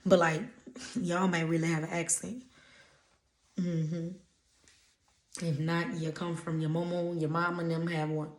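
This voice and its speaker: A woman's voice: on the low side, flat delivery, unhurried, pauses often, reverberant. A woman from Louisiana, speaking with a Louisiana accent, gives blunt, preachy motivational readings to her viewers. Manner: emphatic, preachy, blunt with casual swearing. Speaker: intuitive energy reader. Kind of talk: motivational channeled-message vlog.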